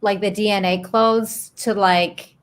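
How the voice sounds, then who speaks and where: A woman's voice: mid-range voice, fairly even intonation, slow, smooth. A female co-host in a casual online chat, asking curious questions in a rambling, chatty way. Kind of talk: casual live-stream chat.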